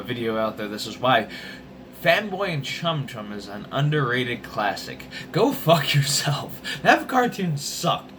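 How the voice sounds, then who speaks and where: A man's voice: medium pitch, a little hiss or hum. Profane, rambling young man ranting. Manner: animated, swearing, jumps between topics. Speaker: vlogger.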